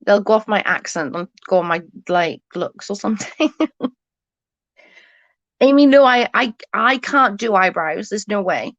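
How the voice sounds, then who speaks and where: A woman's voice: medium pitch, expressive, measured pace, pauses often, fairly bright tone, no room sound, lo-fi sound. A woman hosting a live stream, chatting casually with viewers; she is tired, stutters a little and keeps restarting her sentences. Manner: mild stutter.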